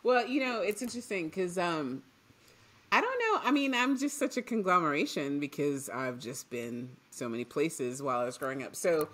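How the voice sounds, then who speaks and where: A woman from Trinidad co-hosting a podcast in casual chat, animated and laughing often. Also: low voice, normal speed. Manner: animated, laughs often, trails off mid-thought. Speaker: podcast co-host.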